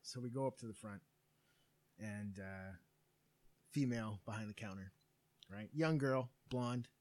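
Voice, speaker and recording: A man's voice: fairly low pitch, unhurried, a little mellow. A man in his thirties, a podcast co-host telling a long story in casual, profane chat.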